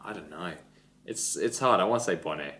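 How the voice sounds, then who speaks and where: A man's voice: low-pitched, fairly quick, a bit bright, slight background noise. A man co-hosting a casual sports podcast, hesitant and stumbling over his words. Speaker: podcast co-host.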